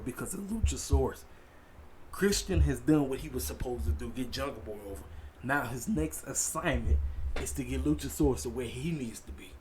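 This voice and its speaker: A man giving a casual, animated solo review of a wrestling show, talking straight to his viewers. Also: mid-range voice, a little hiss or hum. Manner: animated, conversational, addresses viewers as ladies and gentlemen.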